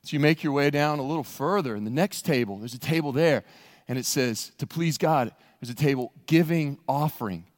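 A male pastor preaching a sermon, telling a story with lively acted-out voices and laughter. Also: medium pitch, fast.

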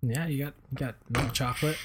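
A man co-hosting a podcast, easygoing and quick to laugh in casual banter. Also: medium pitch, fairly even intonation, crowd noise. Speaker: podcast co-host.

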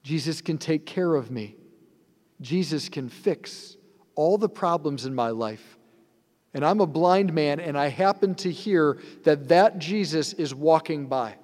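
Unhurried priest preaching in a hall. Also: male voice, a little high, expressive, a little mellow. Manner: conversational, earnest preaching with rhetorical asides. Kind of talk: sermon. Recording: long hall reverb.

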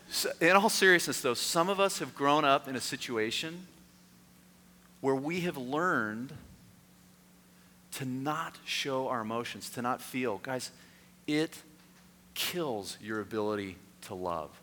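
Lively preacher man in a big hall. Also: mid-range voice, slow pace, pauses often. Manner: animated storytelling, voices and shouts in anecdotes, then quiet and earnest. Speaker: pastor. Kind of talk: sermon. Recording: long hall reverb, faint noise.

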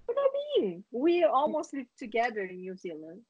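A woman's voice: a little high, wildly swooping pitch, moderate pace, breathy edge, dry recording, muffled recording. A young woman co-hosting a casual chat, teasing her friend with playful, probing questions.

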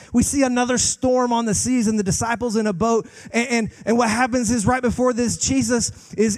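Young guy preaching, kinda high voice, goes fast then really slow and stretched out, dead dry mic. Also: darkish tone, no room sound. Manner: emphatic, swings from fast bursts to slow drawn-out lines; repeats words when starting sentences. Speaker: guest pastor. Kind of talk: sermon.

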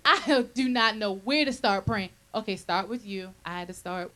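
A woman's voice: medium pitch, lively intonation, a little slow, pushed and bright, low-quality recording. A woman minister leading a Bible study, preaching conversationally and often checking in with her listeners.

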